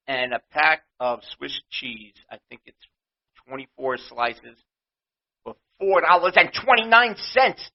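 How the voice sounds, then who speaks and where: A man with a New York accent hosts a ranting monologue, his pitch sitting a little high and swinging widely as he gets worked up. He sounds indignant and rambling, and the recording is dull and lo-fi. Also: animated, normal speed. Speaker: show host.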